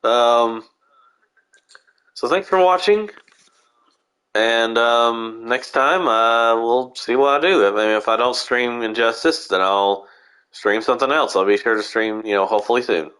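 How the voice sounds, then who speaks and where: A man's voice: medium pitch, unhurried, fairly bright tone, clear, resonant tone. Man, nasal from a cold, casual gameplay stream, rambling, many restarts, headset mic. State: sick and nasal. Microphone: headset mic through console.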